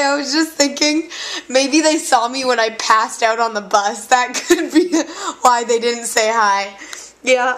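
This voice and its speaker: A young woman talks into her camera in a loose, giggly video-diary style, poking fun at herself. Her voice sits fairly high with a bright, clear edge. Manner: chatty, giggly, self-mocking. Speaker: vlogger. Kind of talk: casual vlog talk.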